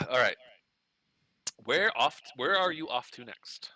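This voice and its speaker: A man's voice: mid-range voice, lively intonation, a little slow, bright, forceful tone, no room sound. A man narrating as game master in a casual, laughing way. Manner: casual, laughs often, many restarts.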